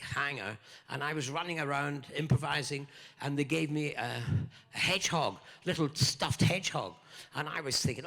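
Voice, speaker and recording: A man's voice: on the high side, gravelly, sharp tone. An older Scottish man, a guest actor at a fan convention Q&A, telling playful, jokey anecdotes. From Scotland. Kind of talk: lively anecdotal storytelling. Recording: echoey convention hall.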